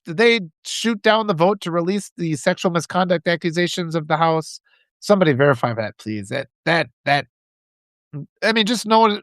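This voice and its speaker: A man's voice: high-pitched, fairly bright tone, no room sound. A man hosting a live stream, giving impassioned political commentary and reading out viewer comments, with frequent restarts.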